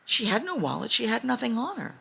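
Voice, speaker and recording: A woman's voice: fairly high pitch, very animated, fairly quick, creaky, fairly bright tone, slightly rough. A young adult woman narrating an improvised fairy tale in a chatty, rambling way, with frequent restarts. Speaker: storyteller.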